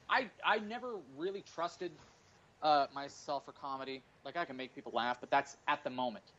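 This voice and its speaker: A man's voice: a little high, fairly bright tone, dull audio. A man in his forties, a stand-up comedian, chatting casually on a podcast, rambling and swearing through jokey stories. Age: 40s. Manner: profane, rambling, jokey storytelling.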